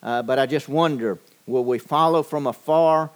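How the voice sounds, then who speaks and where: A man preaching a sermon, measured and deliberate, with frequent pauses and fillers. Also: medium pitch. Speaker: pastor.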